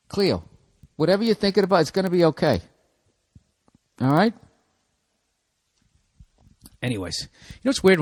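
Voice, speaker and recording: A man's voice: medium pitch, no echo, studio quality. A man hosting a solo comedy podcast, ranting in a profane, sarcastic, rambling way.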